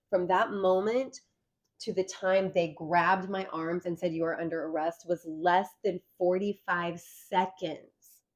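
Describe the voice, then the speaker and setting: A woman giving an earnest, animated account of her arrest during a conversation. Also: on the low side. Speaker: guest recounting an arrest.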